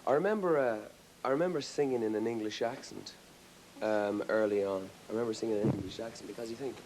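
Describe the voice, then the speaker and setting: A man's voice: lowish voice, fast, a little mellow, slight background noise, low-quality recording. An Irish man talking as a guest in a casual TV studio interview, thoughtful and rambling, often restarting his sentences. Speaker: rock singer interviewed as a guest. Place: TV studio with an audience.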